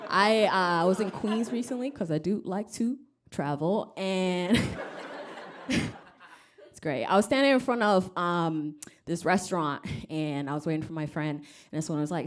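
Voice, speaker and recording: A woman's voice: lowish voice, a little slow. A woman from Rwanda doing a stand-up comedy set on stage, wry and self-deprecating, acting out other people's voices. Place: comedy club stage with live audience.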